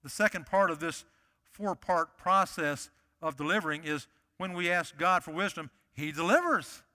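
A man with a high, bright voice preaches to his congregation in a church, hammering home points by repeating them. His words ring out with a long reverb from the hall around him. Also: expressive, normal speed. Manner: emphatic, repeats key phrases. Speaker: pastor. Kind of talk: sermon.

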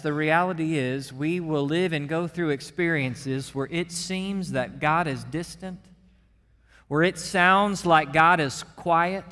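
A male pastor preaching in a church sanctuary, his high, bright voice carrying a long hall reverb. His delivery is impassioned and climbs when he voices a cry of lament. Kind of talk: sermon.

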